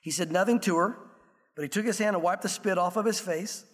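A man preaching a sermon, telling an illustration story earnestly and slowing down for the emotional parts. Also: high voice. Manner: earnest storytelling, slows and softens for emotional quotes. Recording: long reverb of a large room.

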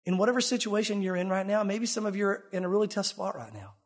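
A male pastor preaching a sermon in an animated way, swinging between emphatic and hushed delivery. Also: high-pitched, fast talker.

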